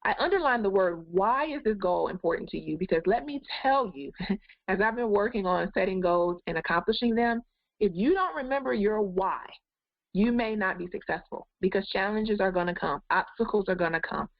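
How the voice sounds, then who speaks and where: A woman's voice: medium pitch, animated, moderate pace, dry recording. Woman life coach, encouraging webinar host, muffled dry webcam sound. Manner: encouraging, addresses viewers directly. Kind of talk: live goal-setting webinar talk.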